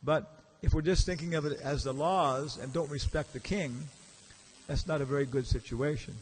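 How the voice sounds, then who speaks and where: In a temple hall, a visiting male lecturer with a highish voice talks at an ordinary pace. The talk is relaxed and narrative, with him performing the quoted characters and asking the crowd questions.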